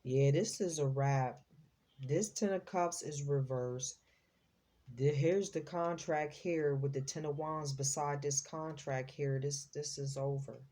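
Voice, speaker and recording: A woman's voice: low voice, a little slow, dark tone. A woman hosting a tarot reading, talking in a chatty, slangy way and exclaiming as she reads the cards. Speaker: psychic tarot reader, host.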